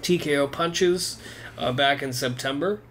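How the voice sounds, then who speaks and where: A man with a somewhat high voice chats easily about fights on a podcast. He teases and swears without fuss. A faint noise sits under his voice. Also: a little slow, fairly bright tone. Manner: teasing, easygoing, swears casually. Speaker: podcast co-host. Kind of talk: casual chat.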